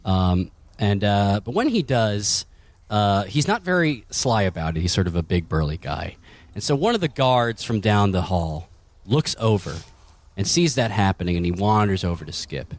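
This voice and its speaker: A man narrating a tabletop game as game master, his voice sitting a little low. He talks loosely, filling gaps with "uh" and "um" as he sets the scene. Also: very animated, normal speed. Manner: loose, filler-heavy, laughing often.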